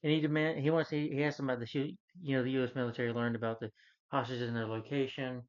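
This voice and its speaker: A man's voice: mid-range voice, little pitch movement, fast. A man rants casually through a film review, rambling as he retells scenes and acts out the characters' lines. His voice sits in a middle range. The recording sounds slightly dull and lo-fi. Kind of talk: casual spoken movie rant.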